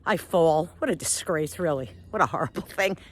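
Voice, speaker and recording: A middle-aged woman vlogger telling a story on a walk outdoors, animated and self-mocking, laughing often. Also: low voice, moderate pace, no echo.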